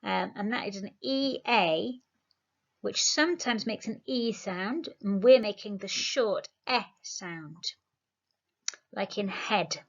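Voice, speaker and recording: A woman leads a children's spelling lesson, patiently sounding out each syllable. Her voice sits at an ordinary middle pitch. The recording is slightly muffled and lo-fi. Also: slow. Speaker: primary school teacher.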